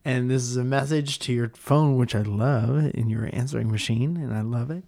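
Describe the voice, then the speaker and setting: A man's voice: mid-range voice, moderate pace, creaky, dark tone. Playful joking man, podcast co-host. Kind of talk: casual chat.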